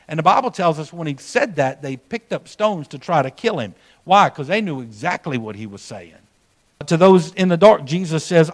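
A man preaching a sermon, emphatic and conversational, telling folksy stories and dropping suddenly to a soft voice. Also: a little high, lively intonation, normal speed. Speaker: pastor.

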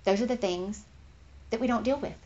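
A woman giving an informal Bible teaching in an earnest, conversational way, getting animated when she acts out what others say. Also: on the high side, moderate pace. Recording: slightly dull lo-fi recording.

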